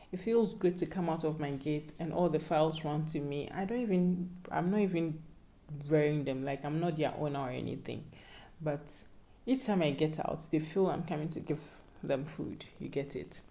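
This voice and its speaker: A young woman with a Ghanaian accent and a low, mellow voice gives casual advice to her viewers. She talks in a playful, pleading way that sometimes sounds like a sermon. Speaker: vlogger.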